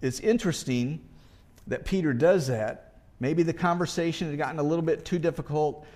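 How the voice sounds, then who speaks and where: This pastor preaches conversationally, leaning on rhetorical questions. He sounds somewhat high and a little mellow, speaking at normal speed.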